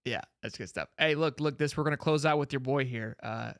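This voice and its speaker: A man's voice: medium pitch, a little fast, a bit bright, smooth, no room sound, studio quality. A man hosting a casual sports talk show, rambling and laughing easily. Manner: rambling, laughs easily, says bro and dude. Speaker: sports podcast host.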